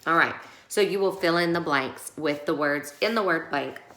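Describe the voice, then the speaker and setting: In an echoey room with slight background noise, a deep-voiced woman teacher speaks at normal speed in a bright, forceful tone. Her recorded lesson patiently explains workbook pages with frequent check-ins, though the recording quality is low.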